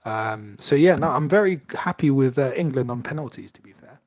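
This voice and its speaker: A man's voice: mid-range voice, lively intonation, fairly quick. Playful man hosting a casual quiz. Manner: playful, chatty, reads quiz questions. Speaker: podcast co-host, quizmaster. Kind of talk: casual chat.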